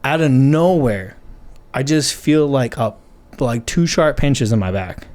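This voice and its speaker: A man's voice: mid-range voice, animated, a little slow, a little mellow. A man in his twenties, a podcast guest, telling a story in casual chat, swearing a lot and acting out quoted dialogue. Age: 20s.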